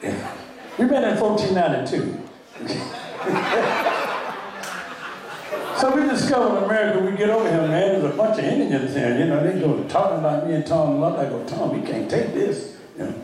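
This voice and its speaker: An older man giving a joking, rambling wedding toast, halting and telling tall tales with a laugh. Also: high voice, lively intonation, a crowd in the background. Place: wedding reception hall. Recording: very echoey hall, speaker far from mic.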